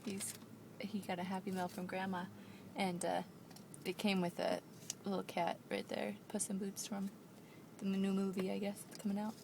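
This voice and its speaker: A mother filming a home video on a handheld camera, coaxing and praising her toddler in a slow, sing-song way. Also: medium pitch, monotone, vocal fry, noisy background. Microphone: handheld camera she is holding.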